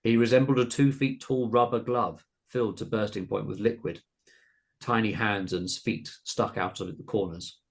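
Gravelly low-voiced man narrating a story. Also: steady tone, moderate pace. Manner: dramatic, polished narration with voiced characters. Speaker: podcast co-host and story reader. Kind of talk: reading a comedy horror short story.

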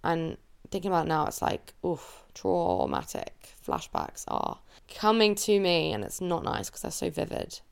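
Young woman, from England, solo podcast host, gravelly voice, open emotional chat, cracks near tears. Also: lowish voice, big pitch swings, a little slow. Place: at home under a blanket.

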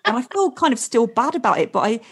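A woman's voice: fairly high pitch, quick pace, husky. A woman, a comedian, chatting casually on a podcast and telling stories with frequent laughter. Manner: animated storytelling, laughs often.

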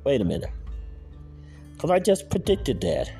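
A man's voice: mid-range voice, big pitch swings, moderate pace, a little mellow, faint music behind. Frustrated man muttering football scores. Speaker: podcast host. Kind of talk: casual solo sports picks recap.

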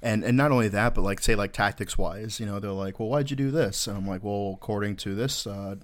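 Young man, low voice, rapid profane ranting, casual podcast guest. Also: little pitch movement. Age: young adult. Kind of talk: casual chat.

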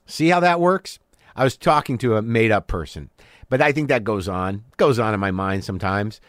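Recorded dry with studio quality in a home studio, a podcast host speaks candidly and profanely in a monologue-and-chat style. He pokes fun at himself and plays both sides of imagined arguments, his fairly low voice expressive and at normal speed.

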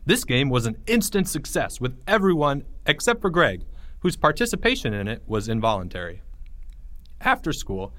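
A man reading a children's story aloud in a playful, expressive way. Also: mid-range voice, normal speed, no echo. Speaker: narrator.

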